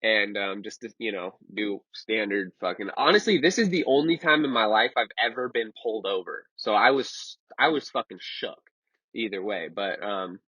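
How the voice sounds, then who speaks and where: Young man, husky voice, rambling profane storytime, dull lo-fi recording, dry sound. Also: fairly low pitch, moderate pace, sharp tone, no echo. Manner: rambling and profane, with many fillers. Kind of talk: casual storytime.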